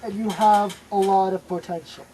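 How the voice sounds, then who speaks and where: Brief: woman, mellow dark tone, emphatic, reassuring. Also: medium pitch, fairly even intonation, moderate pace, slight background noise, poor audio. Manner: emphatic reassuring pep talk. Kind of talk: improvised comedy web series.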